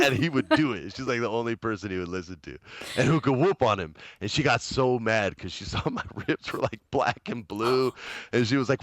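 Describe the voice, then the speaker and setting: Lively chatty man, low voice, dry sound. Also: a little fast, no room sound. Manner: animated, chatty, uses lots of fillers. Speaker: guest, actor. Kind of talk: casual storytelling interview.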